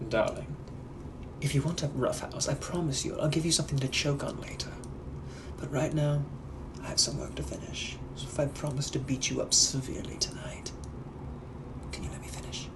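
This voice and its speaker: A man voicing a suave, menacing 1800s British gentleman with a British accent, who drawls and flirts in a breathy, often whispered voice for comedic POV role-play. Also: medium pitch, moderate pace, background noise, close to an everyday voice. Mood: distracted, flirtatious. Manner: flirtatious and softly threatening, drawling.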